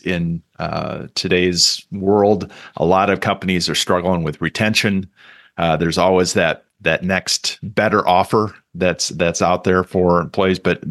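A man with a very low voice hosts an interview and asks his questions haltingly, with restarts. The sound is dry and close. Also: a bit bright, dry recording. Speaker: interview host.

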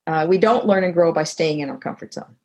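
An older woman, a guest author and teacher, speaks fairly quickly in a fairly low voice during a conversational interview held over video call. Reflective in tone, she tells anecdotes and livens up when quoting other people.

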